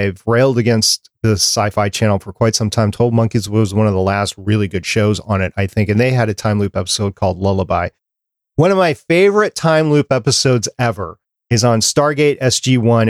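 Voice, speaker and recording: In a relaxed podcast conversation, this male host reads through a prepared list in a chatty, laid-back way. His pitch sits in the middle range, and the sound is close and dry without any room echo.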